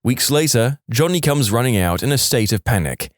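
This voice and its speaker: A man's voice: medium pitch, normal speed, few pauses, no room sound, clean studio sound. A man reading a string of jokes aloud as a storyteller, voicing the characters as he goes. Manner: lively, voices the characters. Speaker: joke storyteller.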